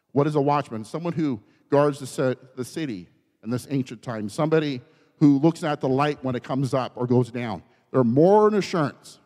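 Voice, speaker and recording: A man preaching a sermon in a church, dropping to hushed, quiet lines and then rising to raised, fervent ones. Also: medium pitch, expressive, moderate pace. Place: church sanctuary. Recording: church hall with long reverb.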